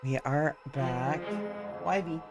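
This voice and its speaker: A woman streaming a game live, laughing often, swearing and reacting loudly in casual commentary. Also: low-pitched, slow pace, music in the background.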